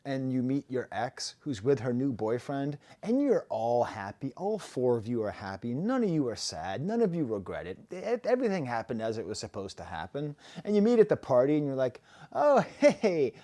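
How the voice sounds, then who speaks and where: Middle-aged male reviewer, loose rambling chat, warm dark tone, lively pitch. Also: normal speed, hardly any pauses. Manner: rambling, playful, with fillers and restarts. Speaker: music reviewer host. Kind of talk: casual chat.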